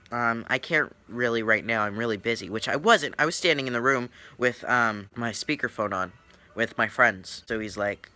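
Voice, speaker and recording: Bright-voiced young man telling a story. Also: on the low side, smooth. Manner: animated, acts out voices in retelling. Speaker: YouTuber. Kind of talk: story time vlog.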